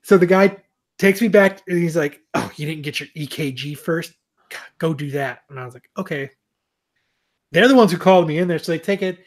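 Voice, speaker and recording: Animated, swearing podcast man telling a story. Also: fairly high pitch, fairly quick. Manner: animated, swears a lot, self-mocking. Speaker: podcast co-host. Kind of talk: casual storytelling chat.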